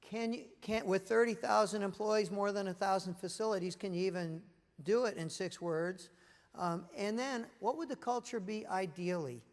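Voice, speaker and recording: A man with a high, light voice speaks to a seated audience in a large meeting room, and his words trail off into a long reverb. He tells stories with energy and keeps asking the room questions. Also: moderate pace. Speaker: keynote speaker. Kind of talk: corporate leadership presentation.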